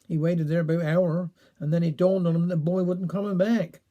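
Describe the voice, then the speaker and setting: A man with a Cornish accent reading a dialect story aloud in an unhurried, homely way. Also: on the high side, flat delivery, dark tone, highs cut off.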